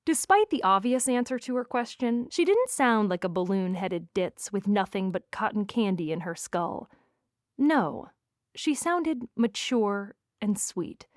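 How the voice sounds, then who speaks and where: Expressive woman narrating a romance audiobook. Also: medium pitch, a little slow, no room sound, clean studio sound. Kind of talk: first-person romance narration.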